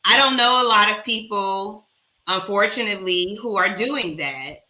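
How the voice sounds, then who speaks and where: A woman doctor speaking as a talk-show guest, measured and earnest, with light laughs. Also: mid-range voice, sharp tone, low-quality recording. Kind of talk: warm appreciative talk-show chat.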